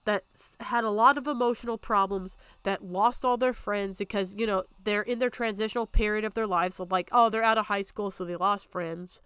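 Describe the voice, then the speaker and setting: A woman's voice: mid-range voice, a bit bright, clean tone, dry recording. A young adult woman streaming, talking in an upset, tearful way and swearing often, close to crying. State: on the verge of tears. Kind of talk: emotional livestream talk.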